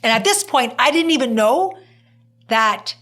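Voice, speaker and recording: A woman hosting a podcast, chatting casually and telling an animated story in which she acts out what people said. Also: a little high, unhurried. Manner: animated storytelling, acting out quoted speech. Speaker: podcast host.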